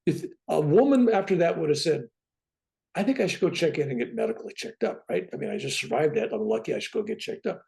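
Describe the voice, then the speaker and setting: A man in his seventies, a guest on a talk show, telling his own story in a lively way and often asking "right?". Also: fairly high pitch, quick pace, gravelly. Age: 70s. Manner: lively, keeps tagging "right?" onto his points. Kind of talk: animated personal storytelling.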